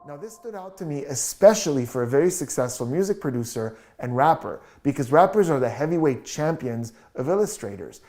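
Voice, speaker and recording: A body language analyst giving a measured, explanatory video commentary as the regular host. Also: medium pitch, lively intonation, darkish tone. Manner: explanatory, measured, repeats "just a little bit".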